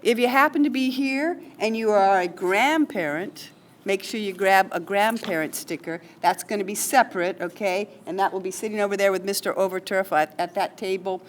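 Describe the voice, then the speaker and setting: A woman's voice: medium pitch, slight background noise. Woman presenting at a school ceremony. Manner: chatty, informal asides with fillers. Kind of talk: ceremony announcements and reading nominations aloud. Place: school hall or classroom.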